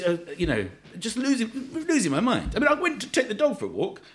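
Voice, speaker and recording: A man's voice: high-pitched, wildly swooping pitch, fast, a little hiss or hum. A man chatting as a guest, telling rambling, self-deprecating anecdotes with frequent restarts. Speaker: comedian guest. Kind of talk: anecdotal chat.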